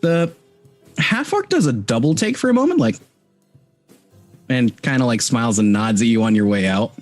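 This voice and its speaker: A man's voice: mid-range voice, big pitch swings, moderate pace, faint music behind. Rambling male game master. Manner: rambling with many fillers and restarts. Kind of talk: narrating a tabletop game.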